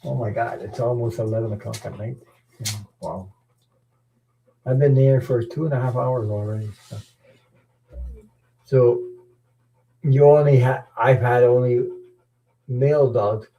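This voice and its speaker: Middle-aged male host, warm relaxed voice, rambling easy chat with chuckles and restarts. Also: mid-range voice, a little slow, long pauses, rough recording. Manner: rambling, chuckling, repeats words. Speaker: tarot channel host. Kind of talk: casual chat.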